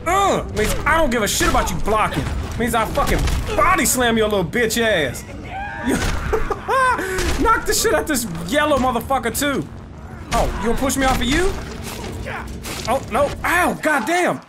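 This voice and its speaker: A man's voice: extremely high pitch, big pitch swings, normal speed. A man doing let's play commentary, trash-talking the game with constant swearing. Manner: profane trash talk at the game. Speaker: gameplay commentator. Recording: game audio and music under voice.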